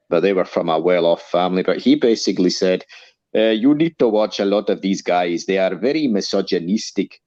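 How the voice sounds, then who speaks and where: A man talking in a steady, deliberate, opinionated way in a casual chat, as a co-host. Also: low voice, lo-fi sound.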